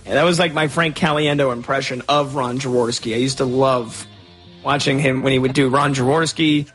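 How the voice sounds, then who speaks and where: A man's voice: mid-range voice, fairly even intonation, moderate pace, fairly bright tone, soft background music. A man hosting a sports radio show in a studio, chatty and opinionated with a playful streak. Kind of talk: casual sports talk. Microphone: studio microphone.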